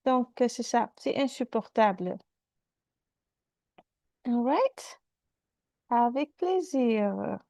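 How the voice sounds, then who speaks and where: A woman's voice: a little high, lively intonation, slow pace, creaky, pauses often, dark tone, no echo. A woman teaching French in an online class over a video call, repeating phrases and switching between French and English.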